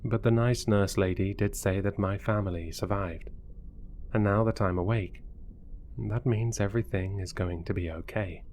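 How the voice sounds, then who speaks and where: A man narrating a first-person horror story in a deliberate, brooding way. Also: lowish voice, darkish tone, slight background noise.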